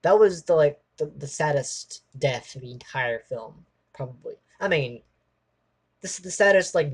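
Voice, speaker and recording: A man hosting a casual movie review. He rambles in an animated way, restarts his sentences often, fills them with "like" and laughs often. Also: a little high. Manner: laughs often while talking.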